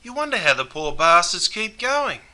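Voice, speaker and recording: Male actor as easygoing Australian larrikin, Australian accent, broad drawl, animated. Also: sits high, normal speed, heavily acted, low-quality recording. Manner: broad slangy ocker drawl. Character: laid-back Aussie bloke watching cricket. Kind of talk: scripted comedy sketch.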